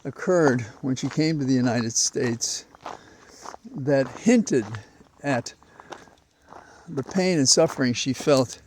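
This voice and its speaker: A man talking into a portable mic while out on a walk, rambling and reflective with many pauses. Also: medium pitch, a little mellow, slight background noise. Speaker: vlogger. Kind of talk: walking commentary. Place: outdoors on a walk. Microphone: portable mic carried while walking.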